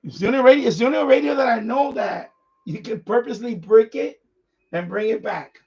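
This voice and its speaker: A man's voice: extremely high pitch, fairly quick, a little mellow, slightly rough, highs cut off. A man hosting a radio hobby live stream, chatting casually in a rambling way, repeating himself and chuckling often.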